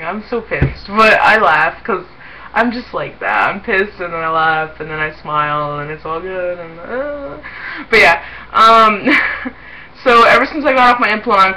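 A woman's voice: mid-range voice, bright, forceful tone, slight background noise, poor audio. A young woman chatting casually to her viewers in a rambling way, often breaking into giggles. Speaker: vlogger. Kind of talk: casual chat to camera.

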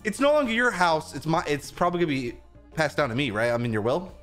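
Man narrating gameplay, lively swooping pitch, a bit high, light music behind. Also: quick pace. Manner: animated, yelping and goofy. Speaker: gaming video host. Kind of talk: excited gameplay commentary.

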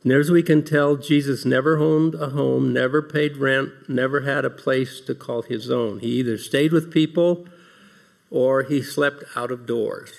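A man begins a devotional talk before a large audience, earnest in tone, reading scripture aloud and asking rhetorical questions. He sounds steady and unhurried, mid-range in pitch, with vocal fry.

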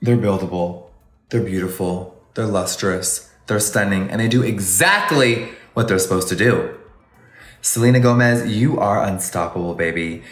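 Gushing campy man, low voice. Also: normal speed, fairly bright tone, reverberant. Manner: gushing, exclamatory, campy endearments. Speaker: makeup livestreamer. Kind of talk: casual live makeup review.

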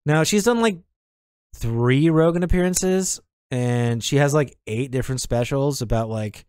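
A man's voice: mid-range voice, a little slow, a little mellow, smooth, no echo, clean studio sound. A man co-hosting a podcast in casual chat, laid-back and rambling, with lots of likes and swearing. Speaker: podcast co-host.

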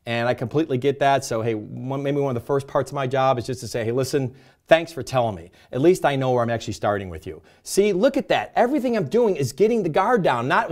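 A man's voice: mid-range voice, lively intonation, fast talker, a little mellow. A middle-aged man coaching a sales team on handling objections, talking energetically and acting out customer and rep lines. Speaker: sales trainer.

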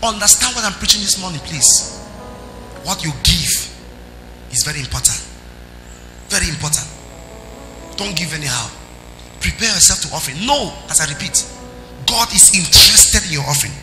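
A man preaching a sermon as pastor, emphatic, with sing-song rises and sudden soft drops. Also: sits high, expressive, normal speed, pauses often. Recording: echoey hall with music underneath.

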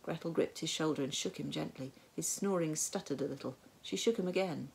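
A woman narrating a storybook tale in a measured, wry way. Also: low-pitched, gravelly, a little mellow, a little hiss or hum. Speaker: audiobook narrator.

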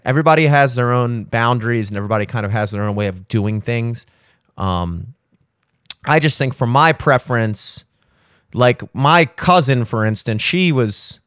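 A young man hosting a solo podcast, telling a rambling, animated story with voiced asides. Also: mid-range voice, no echo, studio quality. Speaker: podcast host. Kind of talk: solo casual chat. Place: home studio.

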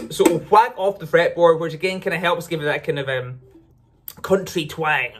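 Friendly ukulele tutor, casual lesson delivery, mid-range voice, loud ukulele in the mix. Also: mid-range voice. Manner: chatty, upbeat, often corrects itself mid-sentence. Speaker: ukulele teacher. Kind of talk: casual instructional explanation. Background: ukulele playing between phrases.

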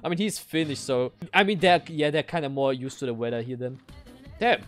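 A young man commenting on his strategy game as he plays, excitable and swearing, swinging from low mutters to sudden shouts. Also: fairly quick, soft background music. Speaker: gaming streamer.

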